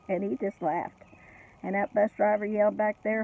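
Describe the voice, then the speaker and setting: A woman's voice: mid-range voice, moderate pace, long pauses, mellow. A middle-aged or older woman telling a family story in a chatty way, laughing often and adding asides, over tinny phone-like audio. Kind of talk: casual personal storytelling.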